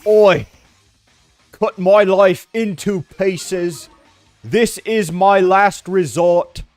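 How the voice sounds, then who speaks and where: A man voicing a rowdy, mocking young male street-gang grunt in an exaggerated mock-British accent, shouting and drawing out his words. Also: high-pitched, no room sound, soft background music, voice pushed up. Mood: jeering. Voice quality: loud, jeering, drawn-out shouting.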